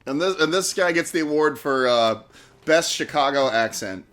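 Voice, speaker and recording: Animated, bright-voiced male co-host. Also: on the high side, normal speed. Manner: chatty, trivia-minded, laughs often. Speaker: podcast co-host. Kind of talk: casual movie commentary.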